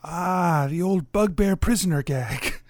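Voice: mid-range voice, unhurried, darkish tone, no echo. Hesitant, giggly tabletop game master. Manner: hesitant, many fillers, giggly. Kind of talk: improvised tabletop narration.

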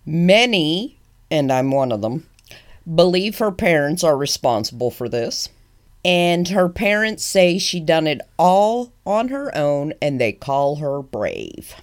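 A woman's voice: low-pitched, sing-song, slow pace. A woman co-hosting a casual podcast, playful and opinionated, laughing often as she reads out a news story. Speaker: podcast co-host.

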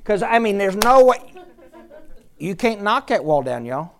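A woman teaching a Bible class to a room of listeners, lively and joking as she quizzes them. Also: medium pitch, unhurried. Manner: lively, jokey, quizzes the audience.

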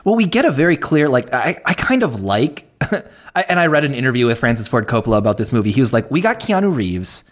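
A podcast co-host talks through a film in a loose, animated way, with a mid-pitched voice. Sentences stop and restart often, broken up by frequent laughter. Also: fast. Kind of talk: casual film discussion.

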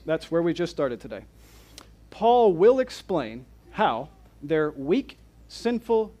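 Male pastor, fairly high voice, lively rhetorical sermon delivery in church. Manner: animated, rhetorical questions to the congregation. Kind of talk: expository sermon.

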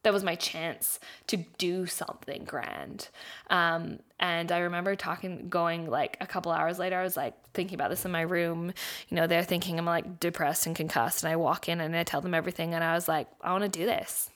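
A woman's voice: lowish voice, flat delivery, brisk, a bit bright. Young woman, podcast host, storytelling, laughing often, casual swearing. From Canada. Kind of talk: personal storytelling.

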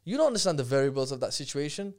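Fast-talking man. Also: on the high side. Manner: fast, animated storytelling with many restarts. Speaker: guest speaker. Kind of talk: casual podcast conversation.

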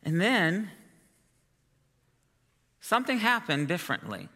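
Male preacher, chatty sermon storyteller; bright tone, long hall reverb. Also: sits high, huge pitch swings, takes it slowly. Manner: chatty, self-amused storytelling with laughs.

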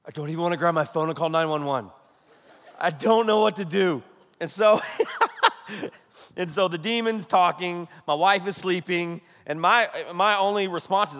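Pastor in his thirties, high bright voice, animated storyteller, long hall reverb. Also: moderate pace. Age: 30s. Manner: animated, storytelling, frequent "okay?" asides, laughing. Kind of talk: humorous sermon story.

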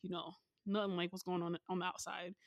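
A young woman talking through a dating show recap in a casual, conversational way. She jumps up in pitch to act out what people said. Her voice sounds close and dry. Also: fairly quick, no echo, muffled recording. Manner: animated storytelling, acts out people's lines with pitch jumps. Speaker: podcast host recapping a show.

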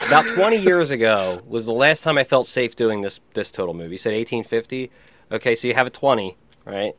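A man on a podcast, telling a loose, rambling story stuffed with "like". His voice is mid-pitched and recorded dry and close. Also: lively intonation, fairly quick, fairly bright tone, dry recording. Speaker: podcast co-host. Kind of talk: casual chat.

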